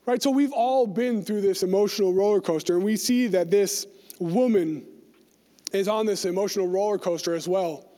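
A man's voice: high-pitched, normal speed, warm tone. A man giving a casual Bible lesson, conversational, often asking "right?" and acting out the people in the story. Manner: conversational, acts out quoted voices, asks "right?". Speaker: Bible teacher. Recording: long hall reverb.

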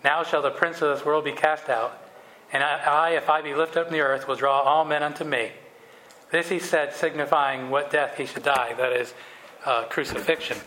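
A man's voice: on the high side, fairly even intonation, normal speed, sharp tone. A man leading a Bible study, reading scripture aloud and then explaining it casually with fillers. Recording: echoey room with faint noise.

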